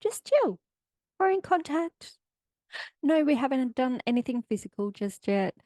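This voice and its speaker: Woman doing a squeaky exasperated young guy. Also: very animated, a little slow, warm tone, no room sound, clean studio sound. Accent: Australian. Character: exasperated laid-back young man telling her to chill.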